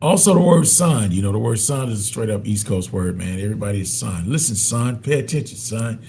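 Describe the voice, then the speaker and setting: A man's voice: fairly low pitch, lively intonation, a little fast, vocal fry, dark tone. A man, joking and telling stories in casual radio chat. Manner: joking, storytelling, ribbing others.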